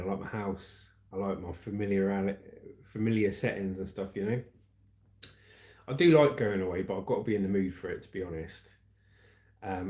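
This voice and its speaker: A man's voice: on the low side, mellow. A man in his forties hosting a casual livestream, reading out viewer comments and news with frequent laughs. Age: 40s. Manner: chatty, laughs often, reads comments aloud. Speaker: livestream host. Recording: echoey room.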